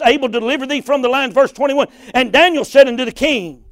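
A man preaching with fervor, his voice sitting very high for a man. He reads scripture steadily, then swells into shouts and cries. The sound is close and dry. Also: quick pace, few pauses, no echo. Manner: impassioned, rising to shouts and cries. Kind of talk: sermon.

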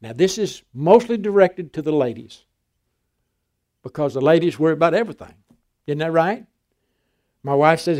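Older preacher with a high voice. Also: male voice, lively intonation, normal speed, long pauses. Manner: swings from loud emphatic preaching to quiet storytelling. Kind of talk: sermon.

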